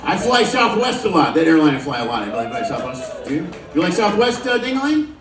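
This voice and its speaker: Pitched high and swinging widely in tone, a man delivers brisk, foul-mouthed stand-up to a live cruise ship audience, poking at them between jokes. The mic is distant, the room sounds roomy, and music and laughter play behind him.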